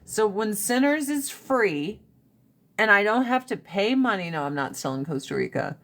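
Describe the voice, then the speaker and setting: A woman's voice: mid-range voice, lively intonation, moderate pace, a bit bright. Blunt, profane woman chatting on a live stream. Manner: blunt, profane and opinionated, rants with rising emphasis. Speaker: livestream host. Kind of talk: casual livestream chat.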